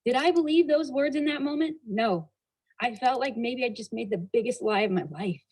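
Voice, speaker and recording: Expressive woman telling a personal story. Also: fairly high pitch, moderate pace, low-quality recording. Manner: expressive storyteller, shifting pace and loudness, laughing at herself. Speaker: motivational speaker. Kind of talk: personal storytelling talk to an audience.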